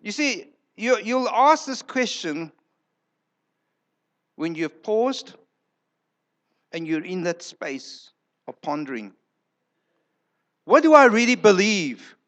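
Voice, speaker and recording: A man's voice: high voice, sing-song, slow pace, pauses often, a bit bright. A male pastor preaching a sermon in a church, emphatic, repeating words for effect and acting out quoted lines.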